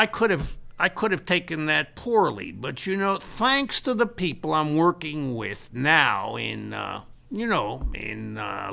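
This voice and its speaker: In this improvised comedy monologue, a man plays a boastful American businessman who calls himself a Scottish laird, pouring out brash, self-important salesman bluster. His voice is fairly high, creaky, pushed and bright, and heavily acted.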